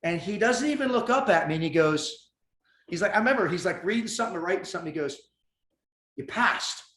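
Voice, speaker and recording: Animated man telling his story. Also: high voice, fast. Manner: intense, animated, swears freely. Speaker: podcast guest. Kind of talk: storytelling in casual conversation. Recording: roomy echo.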